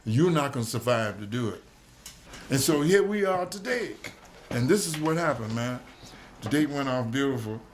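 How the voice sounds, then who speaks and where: Elderly jazz musician, profane streetwise yarn-spinner, echoey room. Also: male voice, mid-range voice, animated, moderate pace, slight background noise. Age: 70s. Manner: streetwise, profane, keeps asking "you dig?". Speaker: jazz musician telling his history. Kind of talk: storytelling recollection. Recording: roomy echo with faint music behind.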